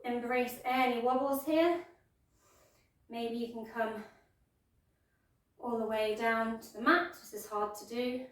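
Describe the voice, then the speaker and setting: Woman yoga teacher giving playful gentle cues, kinda high voice, loud echo off the walls. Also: steady tone, slow, long pauses, distant mic. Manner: gentle, playful step-by-step cueing. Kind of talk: guided yoga class instruction. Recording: echoey room, voice from off mic.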